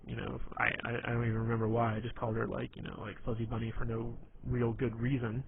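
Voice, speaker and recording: A man's voice: mid-range voice, level tone, fast talker, gravelly, husky. Man rambling in a tinny lo-fi recording. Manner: rambling, many fillers and restarts. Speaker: presenter giving dating humor advice. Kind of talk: casual spoken presentation. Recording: tinny phone-like lo-fi sound.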